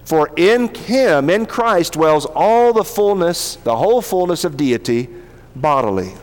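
Male pastor, slightly high voice, earnest sermon delivery with slow emphatic scripture reading, long hall reverb. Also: sing-song, a little mellow.

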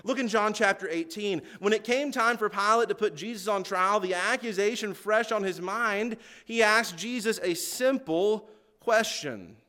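A man preaching a sermon, earnest and emphatic, slowing down to stress key words and reading scripture aloud. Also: sits high, bright, forceful tone.

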